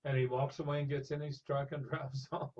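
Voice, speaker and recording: An older man spins an animated anecdote in an interview, with a husky, slightly rough voice at a middle pitch. He drops into the voices of the people in his story. The recording sounds dull and lo-fi. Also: a little fast. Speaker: interview guest.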